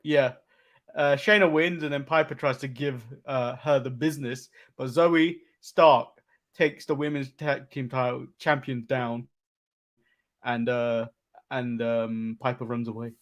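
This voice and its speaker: A man from England with an English accent, co-hosting a podcast and recapping wrestling step by step with frequent "uh" pauses and chuckles. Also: medium pitch, steady tone. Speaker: podcast co-host. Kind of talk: casual wrestling recap chat.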